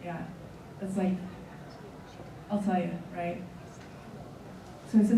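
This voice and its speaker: A woman's voice: on the low side, steady tone, slow pace. A woman in her forties, a seminar leader, telling a candid personal story to a seminar audience and acting out the dialogue. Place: large room with an audience. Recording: echoey room from far off, audience noise. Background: audience murmur.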